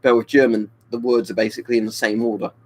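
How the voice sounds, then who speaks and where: A man's voice: mid-range voice, little pitch movement, fast, poor audio. A young man from the UK, chatting casually on a live webcam stream and answering viewers by name. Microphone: webcam mic.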